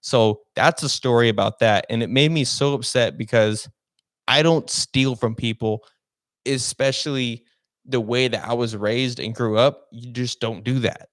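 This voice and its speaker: A man's voice: medium pitch, a bit bright, no echo, studio quality. A young man hosting a casual podcast and telling a personal story in a rambling way, full of fillers and restarts. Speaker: podcast host.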